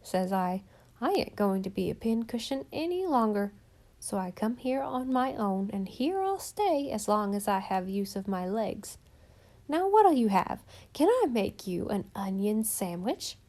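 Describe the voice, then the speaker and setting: A talkative old country widow, as a woman reads her part, her voice a little hoarse from a cold. She rambles on in homespun grammar, kindly and eager for company, like a character in a storybook read aloud. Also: mid-range voice, very animated, measured pace, darkish tone. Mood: folksy chatter. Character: chatty lonely old countrywoman, folksy and kindly.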